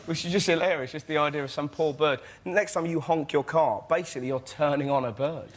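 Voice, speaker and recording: A man telling chatty, animated stories as a comedy panelist. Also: fairly high pitch, fairly quick. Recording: loud studio audience noise behind.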